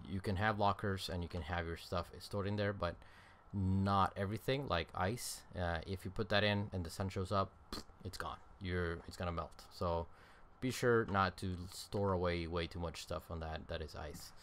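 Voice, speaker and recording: Man, very low voice, tired, rambling gameplay commentary, faint keyboard clicks behind. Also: fairly even intonation, moderate pace, hardly any pauses, slight background noise. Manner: rambling, thinking aloud with many fillers. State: tired, yawning. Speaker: game streamer. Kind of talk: casual let's-play commentary.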